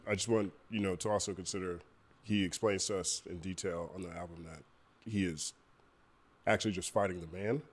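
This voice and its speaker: A man on a podcast teasing his co-host in a dry, deadpan way. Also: sits low, a little fast. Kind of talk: casual podcast chat.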